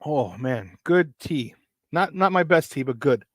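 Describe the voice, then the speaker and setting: A man hosting a casual morning sports talk show, hyped up and shouting out viewers by name, then dropping into low, tired muttering. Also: measured pace, no echo, clean studio sound. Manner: swings between loud excitement and low, tired muttering.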